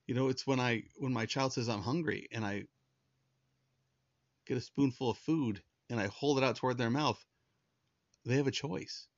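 A man's voice: mid-range voice, moderate pace, pauses often, dry recording, lo-fi sound. A man preaching a sermon in an earnest, conversational way, often restarting his sentences. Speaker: pastor.

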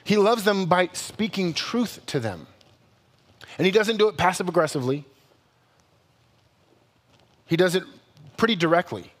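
Male pastor, sermon, high-pitched voice, long hall reverb, casual animated delivery. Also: measured pace, pauses often. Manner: conversational, animated, self-correcting humor.

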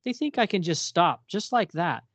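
A man's voice: high-pitched, lively intonation, moderate pace, fairly bright tone, dry recording, pitched above the performer's own voice. A man voicing a desperate young male addict who pleads for help in a whiny, raised voice, read aloud from a comic. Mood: pleading.

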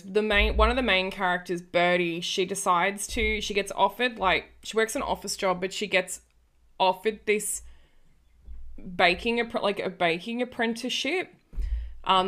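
A woman in her early thirties chatting casually on a podcast, telling a rambling story full of restarts. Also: mid-range voice. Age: early 30s. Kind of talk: casual chat.

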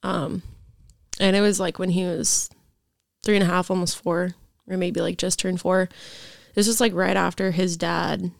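A woman's voice: lowish voice, flat delivery, unhurried, creaky, long pauses, no room sound, studio quality. A young woman, a podcast guest, telling a personal story casually and rambling with lots of filler words. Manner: rambling, heavy use of "like" fillers.

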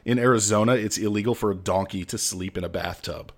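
A man's voice: on the low side, brisk. A young adult man hosting a solo comedy podcast, talking in a mock-grandiose, tongue-in-cheek way. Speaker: podcast host.

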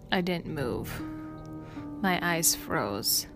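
A woman reading a first-person story aloud in an even, measured way. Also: fairly low pitch. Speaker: story narrator. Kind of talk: scripted first-person narration. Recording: music playing underneath.

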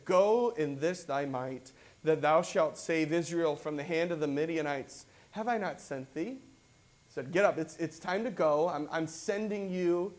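High-voiced pastor preaching casually. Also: male voice. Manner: conversational preaching, reads scripture then explains it; acts out quoted voices with rising excitement. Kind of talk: sermon.

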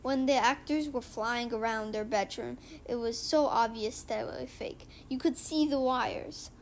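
Higher-voiced woman reading a comic out loud, stops and restarts a lot, faint hum behind. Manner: halting, with frequent restarts and fillers. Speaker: reader of a comic book. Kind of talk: casual book reading and retelling.

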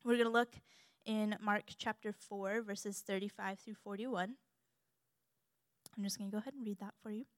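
A young woman giving a sermon in an animated, humorous way. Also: medium pitch, moderate pace, no room sound. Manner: animated and humorous, acts out quoted voices.

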